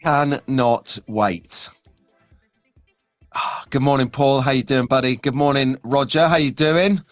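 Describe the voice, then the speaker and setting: A man's voice: medium pitch, fairly even intonation, normal speed, dry recording, soft background music. A man hosting a casual live stream, bantering and laughing as he chats with viewers. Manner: jokey, bantering, laughs often.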